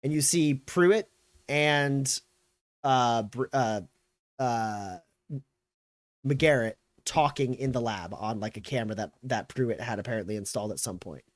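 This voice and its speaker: A man narrating a tabletop game as game master, in a loose, halting way with many fillers. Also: medium pitch, no echo.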